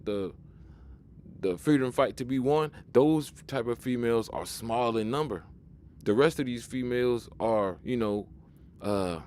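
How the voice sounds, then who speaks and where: A video commentator speaks in a mid-range, somewhat dark voice, with a slight hiss or hum in the recording. His casual monologue is emphatic and preachy, and he keeps restarting and repeating words as he drives his point home.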